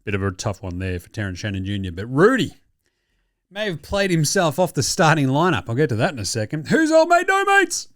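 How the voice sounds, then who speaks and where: Animated Australian man recapping basketball. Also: mid-range voice, a little fast, dry recording, studio quality. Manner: animated, sweary, mock-outraged banter. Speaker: podcast host. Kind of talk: casual sports recap.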